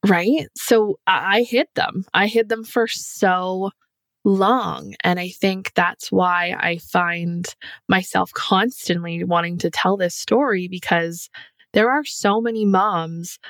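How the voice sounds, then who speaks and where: A woman's voice: mid-range voice, fairly even intonation, takes it slowly, a bit bright, dry recording. A woman talking candidly on a podcast about her own experiences, in a reflective manner with many casual fillers. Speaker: podcast guest. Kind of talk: casual conversation.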